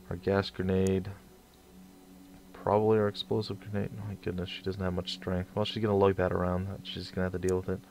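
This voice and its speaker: A man's voice: deep voice, vocal fry, a little hiss or hum. A young man casually commentating his strategy game, rambling and stumbling over his words. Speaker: let's play host.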